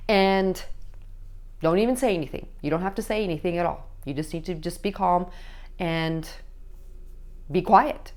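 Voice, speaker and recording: A woman's voice: fairly low pitch, normal speed, long pauses. A woman giving parenting advice to camera, coaching with frequent check-ins and acting out quoted voices. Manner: coaching, checks in with repeated "okay?". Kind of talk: direct-to-camera advice talk.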